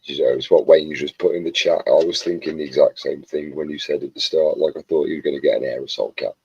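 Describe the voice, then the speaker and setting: Low, gravelly man chatting. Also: steady tone, fast talker, a little mellow. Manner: chatty, jokey storyteller. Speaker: co-host. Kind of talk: casual chat. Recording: dull, lo-fi sound.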